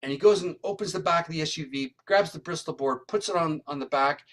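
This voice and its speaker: Talking fast in a slightly high voice, a man who is a psychic medium and criminal profiler tells a story as an interview guest. His retelling is animated, and he often tags his lines with "right?"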